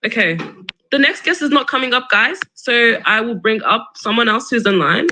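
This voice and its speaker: High, bright-voiced man arguing. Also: a little hiss or hum, poor audio. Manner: combative, interrupting, fast rebuttals. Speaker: livestream host. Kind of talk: argumentative live-stream debate.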